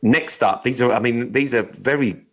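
A man's voice: mid-range voice, moderate pace, rough recording. A man co-hosting a podcast, swearing bluntly in casual chat and reading out dating news items with teasing comments. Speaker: podcast co-host.

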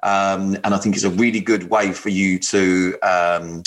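A man's voice: low-pitched, little pitch movement, a little slow. A man co-hosting a radio dating show, chatting loosely, swearing freely and bantering with his co-host. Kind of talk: casual chat.

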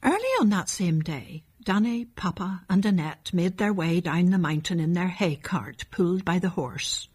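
A woman narrating a children's storybook in a calm, measured reading. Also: on the low side, husky.

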